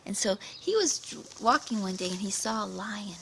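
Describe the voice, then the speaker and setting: A woman reviewing a children's book, retelling the story in an animated, dramatic way with gasps and whispers. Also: medium pitch, normal speed, gravelly, slight background noise, rough recording.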